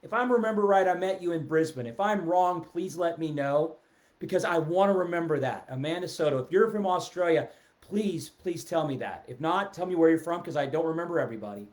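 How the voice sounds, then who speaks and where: A middle-aged man giving a casual, animated sales talk on a live stream, seated and reading out viewer comments. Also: a little high, brisk. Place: indoors, seated in a chair. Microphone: webcam or phone at a desk, seated.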